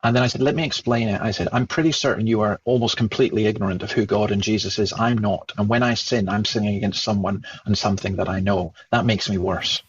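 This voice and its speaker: A man with a Scottish accent, a guest telling a lively story and acting out the dialogue he remembers. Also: on the low side, fast, hardly any pauses, muffled recording, slight background noise. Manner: animated, acts out remembered dialogue. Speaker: Christian speaker and guest. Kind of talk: storytelling in conversation.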